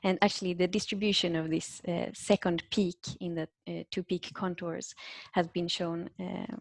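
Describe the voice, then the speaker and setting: A woman from Sweden giving an academic lecture, explaining step by step in a measured way with some fillers. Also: fairly low pitch, level tone, creaky, dry recording. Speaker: guest lecturer.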